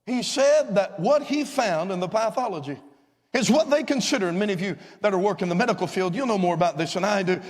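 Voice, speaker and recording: A man, a visiting evangelist, telling a story in a fervent revival sermon that rises to shouts of praise, recorded in a church. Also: high-pitched, expressive, quick pace. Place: church sanctuary. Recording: long church-hall reverb.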